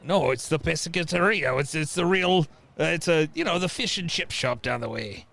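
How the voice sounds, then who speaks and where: Gravelly jokey man riffing in character. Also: on the high side, normal speed, fairly bright tone. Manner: jokey, rambling, laughs often. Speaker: tabletop player. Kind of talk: improvised in-character banter.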